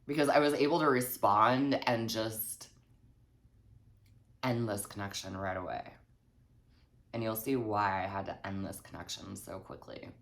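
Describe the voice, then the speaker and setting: A woman's voice: extremely low pitch, a bit bright. A woman telling a storytime vlog in a snarky, heavily profane way. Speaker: vlogger.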